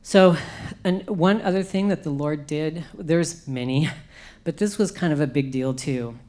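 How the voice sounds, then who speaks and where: A woman's voice: low-pitched, measured pace, dark tone. A middle-aged woman giving an emotional personal testimony at a conference, acting out what she said in the past. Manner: emotional storytelling, acts out her own past speech. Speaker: conference speaker.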